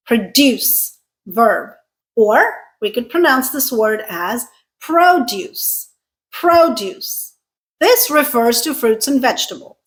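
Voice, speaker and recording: A woman teaching English pronunciation, speaking slowly and carefully, stressing syllables to contrast word pairs. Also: fairly high pitch, a bit bright, poor audio. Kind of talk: scripted teaching.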